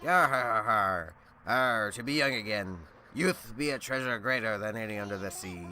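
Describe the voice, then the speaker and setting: A man's voice: fairly low pitch, normal speed, sharp tone, faint music behind. A man voicing a jovial old turtle sea captain who talks pirate-speak with hearty laughs.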